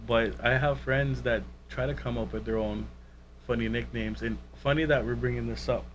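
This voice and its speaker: Casting note: animated male co-host and storyteller, mid-pitched voice, slight background hiss. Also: normal speed, rough recording. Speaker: podcast co-host. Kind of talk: casual anecdote telling.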